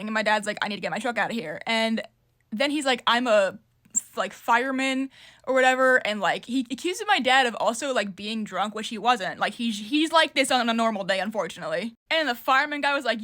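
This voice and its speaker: Bright fast-talking young woman storyteller. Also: on the high side, lively intonation. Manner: rambling, filler-heavy retelling. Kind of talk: casual storytime vlog.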